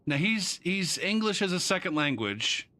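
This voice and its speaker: A man's voice: sits high, big pitch swings, moderate pace, pushed and bright. A college instructor, a man, ranting casually and profanely with rambling asides. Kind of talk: casual rant to camera.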